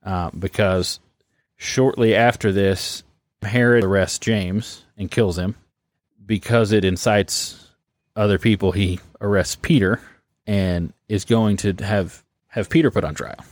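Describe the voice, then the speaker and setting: A man's voice: on the low side, a little slow, dry recording, studio quality. A man co-hosting a podcast, casually retelling stories with joking asides. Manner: relaxed storyteller, jokey asides. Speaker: podcast co-host. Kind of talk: casual podcast chat about the Bible.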